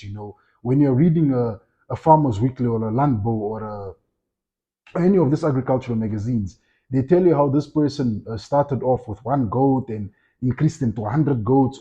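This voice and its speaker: This man hosts his own farming channel and talks in a loose, casual storytelling way. His pitch swings widely as he acts out quoted voices, and he often repeats himself mid-sentence. The voice is warm and dark, and the recording sounds dull and lo-fi. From Namibia. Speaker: farming vlogger.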